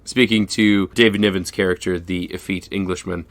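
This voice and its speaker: A man co-hosting a podcast, chatting casually about movies in an animated, swearing manner. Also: sits low, fairly quick, few pauses, no echo. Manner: animated, swears freely, quotes film lines. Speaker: podcast co-host. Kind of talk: casual movie review chat.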